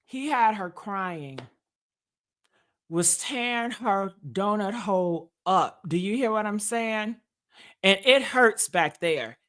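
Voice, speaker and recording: A woman's voice: mid-range voice, lively intonation, slow pace, a bit bright. A woman hosting a gossip show in casual, sassy commentary, dramatic and laughing often, calling viewers honey and y'all.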